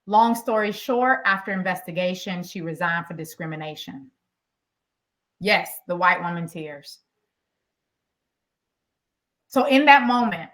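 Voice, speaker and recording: A woman's voice: mid-range voice, normal speed. Emphatic middle-aged woman telling a story. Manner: animated and emphatic, speaks directly to the audience. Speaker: executive coach. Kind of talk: lively workshop storytelling.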